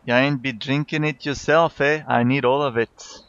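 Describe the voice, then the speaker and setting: A man's voice: medium pitch, fairly even intonation, normal speed, fairly bright tone, clean tone, dry recording, highs cut off, lightly acted. A man voicing a scheming, boastful male troll blood-mage with a put-on troll accent and an emphatic lilt. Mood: intoning.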